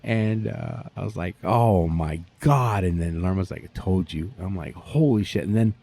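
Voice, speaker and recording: A man, a barbecue pitmaster telling stories in a profane, animated way during a casual interview. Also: low-pitched, normal speed, creaky, slightly rough.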